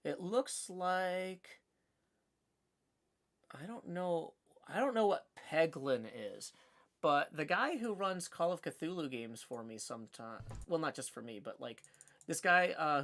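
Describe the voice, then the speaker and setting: A man's voice: on the high side, a bit bright. Southern guy hosting his stream, rambly and chatty, desk mic. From Tennessee. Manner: rambling, chatty, many fillers. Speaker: streamer host. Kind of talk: casual livestream chat.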